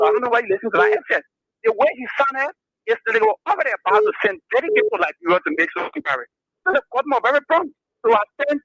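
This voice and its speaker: A Liberian man phones in to a talk show and argues his view, going over the same point again and again. His voice is sharp and bright, with a gravelly edge. It sounds close and dry. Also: extremely high pitch, no room sound, poor audio. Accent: Liberian English. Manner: argumentative, repeats himself. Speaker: caller. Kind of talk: call-in radio opinion.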